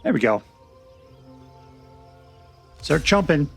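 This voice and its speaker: Chatty, higher-voiced man commentating a card game. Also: very animated, takes it slowly, creaky, a bit bright, faint music behind. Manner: chatty, joking, talks to himself while playing. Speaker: gameplay commentator.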